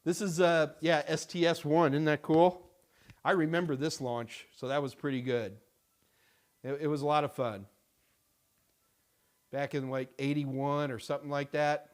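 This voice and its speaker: A middle-aged man hosts a casual live-stream question-and-answer session from a studio. His voice sits a little high for a man. He talks in a loose, rambling way, full of fillers and restarts. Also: fairly even intonation, measured pace, pauses often. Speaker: host answering viewer questions.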